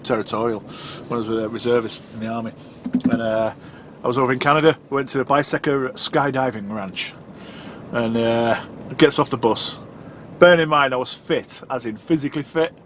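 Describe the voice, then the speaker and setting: A middle-aged trucker talks to camera from his cab, chatty and laughing at himself. His voice sits at an ordinary middle pitch. The engine and road roar clearly behind him. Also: fairly even intonation, moderate pace, slight background noise. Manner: chatty, self-mocking, laughs often. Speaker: trucker vlogger. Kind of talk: casual chat while driving.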